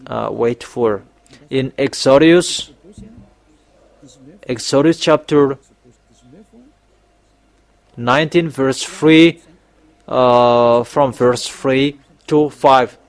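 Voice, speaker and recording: A man preaching a sermon in an emphatic, exhorting way, repeating his points and pausing on fillers, his voice climbing sharply when he warns his listeners. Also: mid-range voice. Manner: emphatic exhorting, voice rising on warnings; repetitive, with fillers and restarts.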